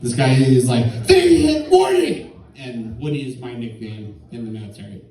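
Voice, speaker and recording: A man's voice: mid-range voice, fairly even intonation, fairly quick, warm tone, roomy sound, recorded from a distance, rough recording. Tipsy man doing profane stand-up. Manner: profane, rambling storytelling. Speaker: stand-up comedian. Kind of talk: stand-up storytelling. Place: comedy club stage.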